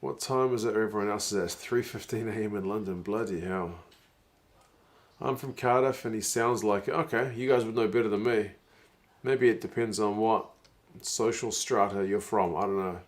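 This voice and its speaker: A man whose voice sits on the low side talks briskly as he reacts to a rugby match on a live stream. He reads viewer comments out loud, chuckles throughout, and gets loudly excited at the major plays.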